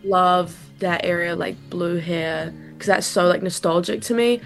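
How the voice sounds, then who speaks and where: A young woman, a musician guest in a casual radio interview, soft-spoken and loose, with lots of fillers. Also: fairly low pitch, steady tone, a little slow, soft background music.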